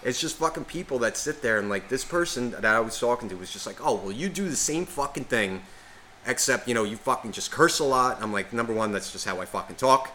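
A man's voice: medium pitch, lively intonation, fairly quick, sharp tone, a little hiss or hum. A man co-hosting a podcast, rambling and swearing constantly as he rants in casual chat. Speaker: podcast co-host.

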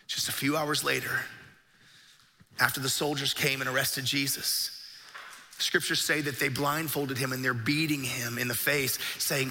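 A man's voice: medium pitch, fairly even intonation, normal speed, pushed and bright. A man preaching a sermon as a pastor, telling a story vividly and with emphasis. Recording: echoey hall with faint music.

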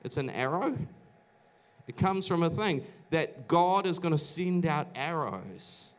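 A man's voice: fairly high pitch, lively intonation, slow pace. A middle-aged man from New Zealand preaching a sermon, telling his own stories in a chatty way with many restarts and acted-out quotes. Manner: conversational storytelling, many restarts, acts out quoted voices. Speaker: pastor. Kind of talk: sermon with personal testimony. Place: church auditorium.

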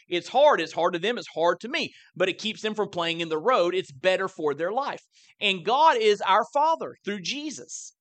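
A male pastor delivering a sermon, earnest and rising in pitch when he quotes scripture. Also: a bit bright. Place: church sanctuary.

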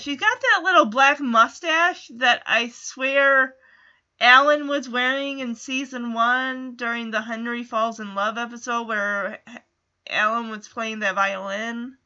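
A woman's voice: a little high, expressive, unhurried, sharp tone, lo-fi sound. A woman casually recapping a TV episode in a chatty way, full of "kinda" and "like".

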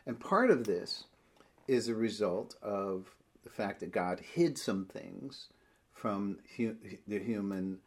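A man teaching a bible study, explaining verses step by step and slowing down when he reads scripture aloud. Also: fairly low pitch, expressive.

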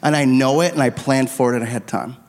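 The sermon comes from a middle-aged pastor in a church sanctuary, speaking into a handheld microphone as he confesses a personal story earnestly. His mid-range voice is fast and a little mellow, echoing with the hall's long reverb.

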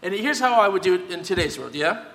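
A man preaching a sermon as pastor, talking conversationally and emphatically, often checking in with a quick "yeah?". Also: sits high, animated, a bit bright. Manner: conversational, emphatic, tag questions. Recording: long hall reverb.

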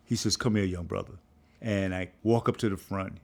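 Animated storyteller man, low voice. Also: moderate pace, creaky. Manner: acts out voices of people in his story, jumping high in pitch. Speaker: filmmaker and professor telling his story.

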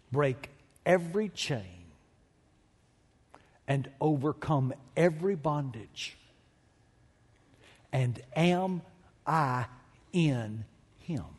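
A man preaching a sermon as pastor, slow and emphatic, swelling to loud climaxes. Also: mid-range voice, husky. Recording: long reverb of a large hall.

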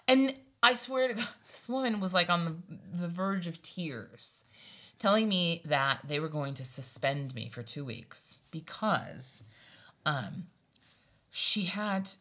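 A woman's voice: fairly low pitch, animated, slow pace, a bit bright. A young woman from Hawaii telling a story from her past in a casual way, laughing often and acting out the people in it. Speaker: storytelling guest.

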